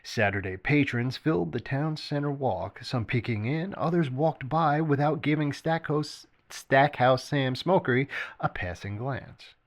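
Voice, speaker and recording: A man reading his own story aloud as narrator, expressive, with occasional slips and restarts. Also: mid-range voice, measured pace.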